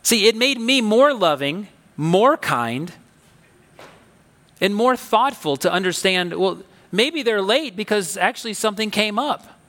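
Animated man preaching in a big hall. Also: sits high, unhurried. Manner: conversational storytelling, animated and emphatic. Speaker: pastor. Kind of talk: sermon.

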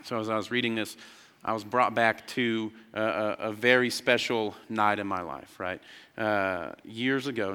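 A man in his thirties preaching a sermon, telling a personal story, swinging from excited emphasis down to quiet, hushed lines. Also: medium pitch, smooth, in a large hall. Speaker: pastor.

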